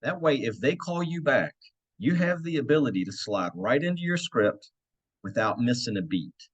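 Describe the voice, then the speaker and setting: A man's voice: mid-range voice, big pitch swings, normal speed, husky, dull audio. A man who works as a real estate agent, walking listeners through cold-calling habits in a coaching tone and checking in with frequent "right?" asides. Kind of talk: instructional walkthrough.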